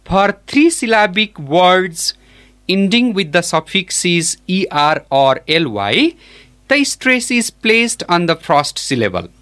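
A male teacher, giving a classroom pronunciation lesson and modeling each word slowly and deliberately. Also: sits high, big pitch swings, a bit bright. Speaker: English teacher.

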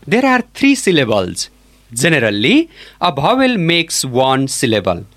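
A man teaching an English pronunciation lesson, modelling each word slowly and deliberately. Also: mid-range voice, wildly swooping pitch, fairly bright tone.

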